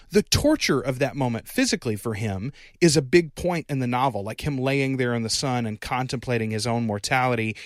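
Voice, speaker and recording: A man's voice: mid-range voice, no echo, studio quality. A man co-hosting a podcast, chatting casually about a film with many fillers and self-corrections. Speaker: podcast co-host.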